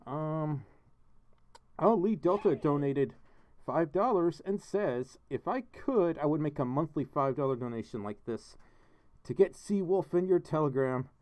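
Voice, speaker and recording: A fairly high-pitched, animated man speaks unhurriedly in a slightly mellow voice, hosting a casual home-studio livestream. He chats with viewers, giggles and laughs often, reads donations and chat aloud, and thanks donors.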